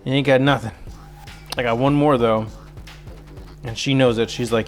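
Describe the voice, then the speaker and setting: A man's voice: medium pitch, steady tone, moderate pace, pauses often, soft background music. A man hosting a cooking livestream from his kitchen, chatting casually and self-mockingly and cooing at his dog. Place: home kitchen.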